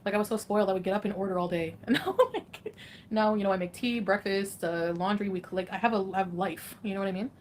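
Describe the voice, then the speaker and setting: A woman's voice: medium pitch, steady tone, fast, darkish tone. A woman in her thirties chats on a livestream, rambling from one thought to the next. She giggles often and fills her talk with "um" and "like". Her voice sits in an ordinary middle register, with a faint hiss behind it. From Canada. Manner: rambling, giggly, lots of fillers. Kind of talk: casual livestream chat.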